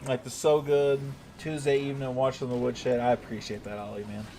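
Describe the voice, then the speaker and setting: A man's voice: mid-range voice, little pitch movement, brisk, mellow, a little hiss or hum. A man chatting casually on a live game stream, joking with his chat and swearing now and then.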